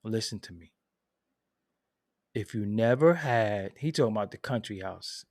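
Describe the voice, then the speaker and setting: Lively, gravelly man chatting loud. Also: fairly low pitch, measured pace, no room sound, clean studio sound. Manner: loud, laughing and profane, swings between mumbling and shouting; reads and answers viewer chat. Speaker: host. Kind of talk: casual live-stream chat.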